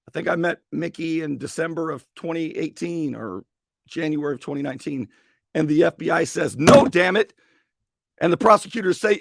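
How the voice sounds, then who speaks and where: A male talk radio host with a strained, gravelly voice, giving an opinionated monologue and acting out mock dialogue. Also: no echo, studio quality. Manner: animated, acts out mock dialogue with sudden high-pitched bursts. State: strained voice after a long day.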